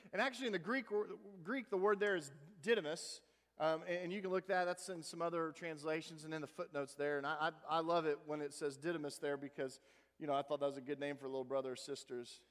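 A male pastor preaching a sermon in a conversational, folksy way, swinging between emphatic and hushed delivery. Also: sits high. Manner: conversational, with folksy asides and repeated words. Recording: long hall reverb.

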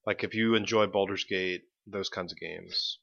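A man's voice: low voice, fairly even intonation, normal speed, gravelly, sharp tone, dull audio. A man co-hosting a casual games podcast, easygoing and agreeable, with hesitant fillers. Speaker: podcast co-host. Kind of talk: casual chat.

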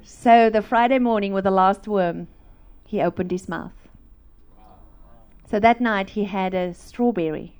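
Smooth and a little mellow, this woman's mid-range voice moves a little slowly as she shares her personal faith journey as a testimony sermon at a church. Along the way she acts out the voices of the people in her story.

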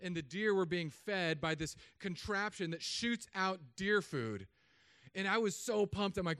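Animated joking pastor, high clear voice. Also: male voice, unhurried, no echo, clean studio sound. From Southern California. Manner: jokey, animated storytelling with put-on voices. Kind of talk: humorous sermon.

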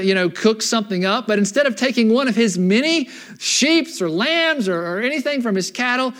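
A man with a notably high voice delivers a sermon as a pastor, telling an old scripture story in casual, everyday language. He keeps checking in with his listeners as he goes. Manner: animated storyteller, checks in with the room.

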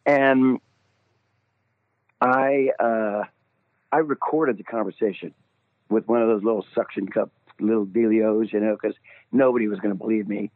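A man, a singer being interviewed, telling an animated story and laughing at himself. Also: lowish voice, normal speed, pauses often, no room sound. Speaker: guest singer. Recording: tinny phone line.

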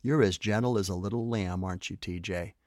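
A man voicing a motherly older woman babysitter turned into a monkey, brisk and scolding. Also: lowish voice, no room sound, clean studio sound, natural voice. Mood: gentle.

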